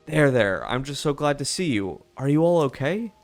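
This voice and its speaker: A man's voice: mid-range voice, big pitch swings, normal speed, soft background music. A man voicing a sincere goat herder who blames himself, reading game dialogue aloud. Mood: earnest. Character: earnest, self-blaming goat herder. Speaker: video game streamer.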